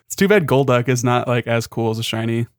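A man's voice: medium pitch, expressive, brisk, no echo, studio quality. A man in casual gaming chat, teasing his co-host in a laid-back way.

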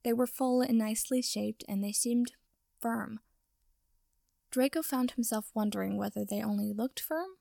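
A woman reads a story aloud in steady, even narration, at a middling pitch. Her voice carries a gravelly fry, and the sound is dry and close, with no room echo. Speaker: reader. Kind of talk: reading fan fiction aloud.

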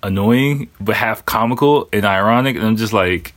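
A man's voice: medium pitch, animated, fairly quick, fairly bright tone. A man telling a personal story in a loose, casual way, full of fillers and swearing. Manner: rambling, profane, many fillers.

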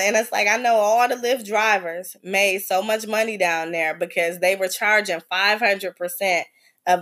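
A woman hosting a podcast, telling a travel story in a blunt, profane, animated way. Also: mid-range voice. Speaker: podcast host. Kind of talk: casual storytelling.

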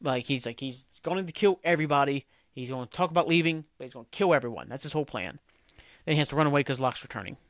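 A man's voice: medium pitch, lively intonation, fast talker, dry recording, studio quality. A man hosting his own podcast, recapping in a loose, rambling way with lots of fillers and swearing. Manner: rambling and profane, heavy on "like" and "um". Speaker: podcast host. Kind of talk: casual solo podcast recap.

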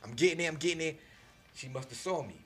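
Fast-talking animated New man. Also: on the high side. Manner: animated, slangy storytelling with acted-out quotes. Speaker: podcast guest. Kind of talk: casual storytelling.

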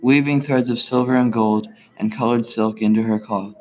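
A man reading a folktale aloud as a storyteller, in a gentle, unhurried way, with the characters' quoted lines read in. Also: medium pitch, fairly even intonation, a little hiss or hum, poor audio. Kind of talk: storybook narration.

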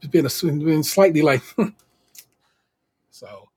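A man co-hosting a podcast, recapping in a casual, slangy, animated way and laughing often. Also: fairly high pitch, extremely slow, husky. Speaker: podcast co-host.

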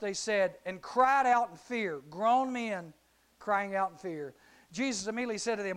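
A middle-aged man giving a youth sermon, telling a Bible story in an animated way and acting out the characters. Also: sits high, normal speed, clean tone. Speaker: youth speaker.

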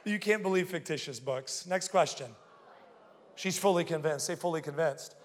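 A man preaches to a church congregation in a high, bright register, full of energy and stories. He keeps calling on the audience to repeat phrases and react. His voice carries the long reverb of a large auditorium. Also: moderate pace. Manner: energetic, storytelling, calls for audience response. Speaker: pastor. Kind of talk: sermon.

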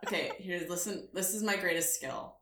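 A lower-pitched woman chatting as a podcast co-host, telling stories with lots of laughter. Her voice sits a bit low, and the recording has a roomy echo. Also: normal speed, very noisy. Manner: animated storyteller, laughs often. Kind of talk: casual chat.

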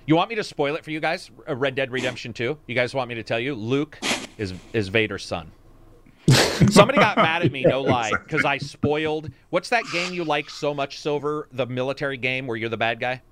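Animated swearing male podcast host. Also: fairly quick, a crowd in the background. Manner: swearing, animated, jumps pitch for mock quotes. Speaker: podcast host reading chat. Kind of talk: casual chat.

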